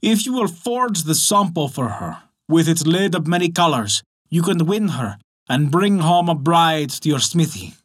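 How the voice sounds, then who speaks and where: A man's voice: fairly high pitch, sing-song, a little slow. A man voicing a crafty, persuasive old male wizard from a folktale, coaxing and chanting spells. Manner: coaxing, incantatory.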